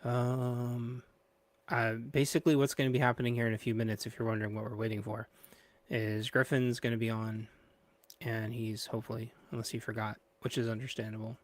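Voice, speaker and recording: This podcast host has a mid-range voice with little pitch movement, speaking a bit quickly in a recording with no echo. He fills the time before his guest arrives with loose, playful livestream chatter, often trailing off mid-sentence.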